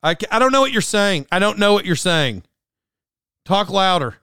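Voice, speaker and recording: A man hosts a comedy podcast by himself, rambling animatedly and breaking off to restart his thoughts. His voice is smooth and a bit high. The recording is dry and close, with no room sound. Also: normal speed, no room sound. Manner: rambling, self-interrupting, animated. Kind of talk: rambling comic monologue. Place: alone in a room.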